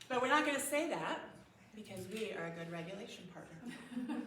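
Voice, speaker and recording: A woman's voice: fairly high pitch, animated, unhurried, pauses often, background noise. A woman giving a talk at a parenting conference, conversational, often acting out example phrases and laughing. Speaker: conference speaker. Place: church hall. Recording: echoey room, mic at a distance.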